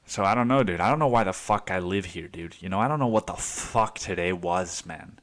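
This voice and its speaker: Profane, excitable male podcaster. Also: sits low, brisk. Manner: profane and excitable, says "dude" constantly. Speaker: podcast host. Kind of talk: casual storytelling monologue.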